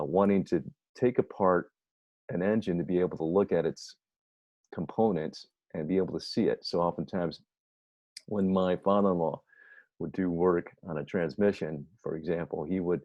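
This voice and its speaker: A middle-aged man delivers a recorded lecture in a deep, warm voice. He explains ideas carefully, often asking a question and then answering it. The sound is dry and slightly dull, like a lo-fi classroom recording. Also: fairly even intonation, moderate pace, no room sound. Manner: explanatory, asks and answers his own questions. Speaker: instructor.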